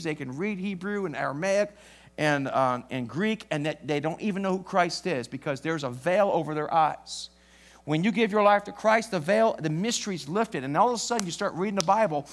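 A man's voice: high voice, fairly bright tone. A male pastor preaching a live church sermon, stopping often to quiz the congregation with fill-in-the-blank questions.

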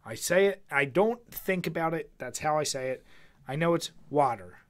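A man's voice: on the high side, lively intonation, moderate pace. A young man with a Philadelphia accent co-hosting a podcast, talking casually, teasing his friend with profanity and frequent laughter. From Philadelphia, USA. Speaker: podcast co-host. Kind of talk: casual chat.

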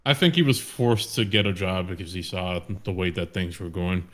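A man's voice: low voice, animated, moderate pace, fairly bright tone. A man on a casual livestream, asking blunt teasing questions and saying "bro" a lot.

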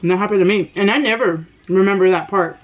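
Animated woman telling stories. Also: mid-range voice, quick pace. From United States. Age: 30s. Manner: animated, gasping, breathless retelling. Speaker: mukbang vlogger. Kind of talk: storytelling while eating. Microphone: camera microphone. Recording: slightly dull lo-fi sound.

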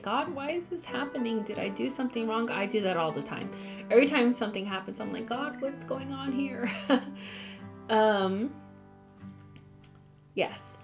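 Lady doing a laid-back bible study, reads verses, says sorry a lot, soft music under it. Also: a little high. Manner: chatty, apologetic asides, reads scripture aloud. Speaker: Bible teacher. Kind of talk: casual Bible study talk.

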